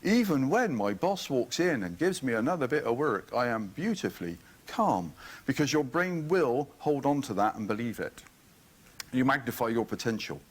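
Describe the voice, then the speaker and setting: A man, giving an animated, joking motivational talk at a conference. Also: medium pitch, normal speed. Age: 50s. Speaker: conference speaker. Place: conference hall.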